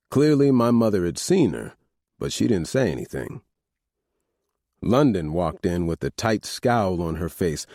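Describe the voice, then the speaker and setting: Male audiobook narrator, first person, lively pitch, lowish voice, dry close mic. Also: dry recording.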